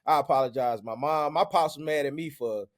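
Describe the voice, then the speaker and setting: A man tells a childhood story on a podcast. He talks in a slightly raised register, animated and slangy, and keeps coming back to "man" and "bro". This is loose, casual chat. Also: a little high, fairly quick.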